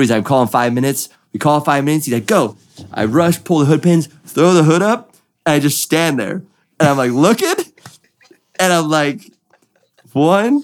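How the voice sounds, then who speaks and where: A young man, a drift racing driver, telling a story with excitement and acting out the voices of the people in it. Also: medium pitch. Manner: excited, acts out voices in quotes. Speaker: drift driver, podcast guest. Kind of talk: animated storytelling.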